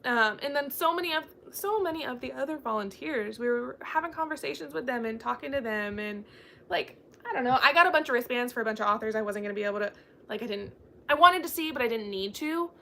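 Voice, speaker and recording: A bright, fairly high-voiced young woman chats casually about books. She tells her story in a bubbly way and acts out the dialogue as she goes. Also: lively intonation, fast, gravelly, slight background noise. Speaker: book channel host. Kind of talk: casual chat.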